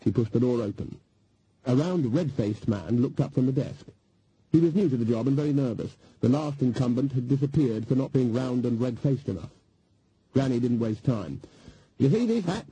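A man reading an audiobook in scripted narration, with a wry, measured storytelling manner. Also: mid-range voice, mellow, a little hiss or hum, low-quality recording.

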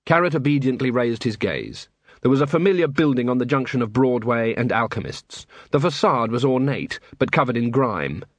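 A man reads an audiobook in a measured, wry way. His voice is husky and of middling pitch, and the recording is dry and close with no room sound. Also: lively intonation, no echo. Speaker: audiobook narrator. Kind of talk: scripted narration.

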